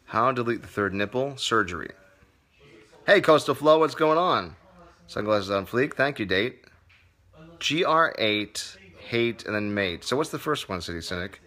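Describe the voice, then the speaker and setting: A man's voice: medium pitch, lively intonation, a little slow, sharp tone. A man who teaches comedy, hosting a casual livestream Q&A, reading viewer comments aloud in a loose, profane way.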